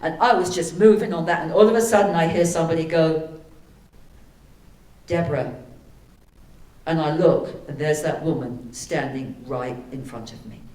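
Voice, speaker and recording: A woman giving a sermon, telling a personal story, then leading a slow, soothing guided meditation. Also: deep voice, a little mellow. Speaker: spiritual speaker. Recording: echoey hall from far off.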